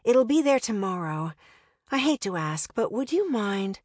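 A woman's voice: medium pitch, very animated, measured pace, dry recording, studio quality. A woman reading an audiobook and voicing a busy adult woman artist who asks favors politely.

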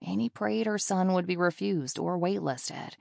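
A woman reading a novel aloud in steady, scripted audiobook narration. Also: on the low side, normal speed, gravelly, dry recording, studio quality.

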